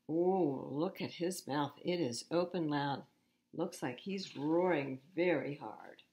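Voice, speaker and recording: Woman, children's storytime reader, slow expressive delivery, slightly low voice. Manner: slow, expressive picture-book reading with asides to children. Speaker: children's librarian reading picture books aloud. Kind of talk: children's storytime read-aloud. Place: public library.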